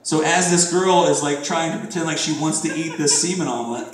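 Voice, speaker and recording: A man's voice: a little high, brisk, a little hiss or hum. A man in his thirties from Florida doing a crude, rambling stand-up set full of profanity. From Florida, USA. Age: 30s. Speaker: stand-up comedian. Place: comedy club stage. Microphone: distant room mic. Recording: very echoey room from far off.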